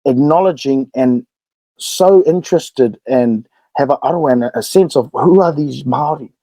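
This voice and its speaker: Needs: a young New Zealand-accented man, animated storyteller, warm low tone, dry close mic. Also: dry recording, low-quality recording. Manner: animated, fast-talking storyteller. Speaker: podcast guest. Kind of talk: casual storytelling.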